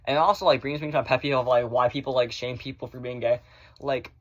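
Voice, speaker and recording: A man's voice: medium pitch, fairly even intonation, quick pace, highs cut off. A man ranting casually into his phone at home, blunt and sassy, with lots of fillers and swearing. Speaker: vlogger. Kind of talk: casual rant to camera.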